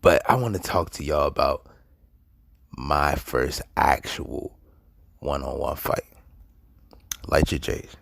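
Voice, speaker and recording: Young guy with a deep voice, slangy animated storytelling, dry mic. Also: takes it slowly, creaky, long pauses, dry recording. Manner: loose, slangy, animated, laughs a lot. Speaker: host telling a story. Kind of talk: casual storytelling monologue.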